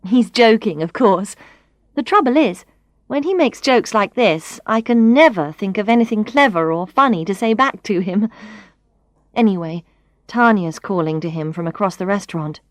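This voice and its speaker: Woman narrator, storybook reading, lively pitch, dry close sound. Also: moderate pace, dry recording. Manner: expressive, clear, first-person reading. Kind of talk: scripted narration of a learners' story.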